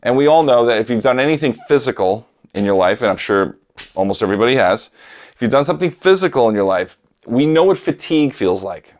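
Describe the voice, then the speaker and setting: A man's voice: mid-range voice, lively intonation, fast talker. Man coaching drum students, direct. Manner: coaching, direct, counts out patterns. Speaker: drum teacher. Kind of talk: instructional talk to camera.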